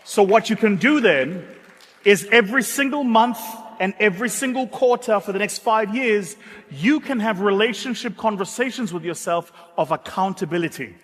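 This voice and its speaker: A South African man giving a motivational keynote, an animated and dramatic storyteller with self-mocking humor. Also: high-pitched, normal speed. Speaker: keynote speaker. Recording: echoey hall.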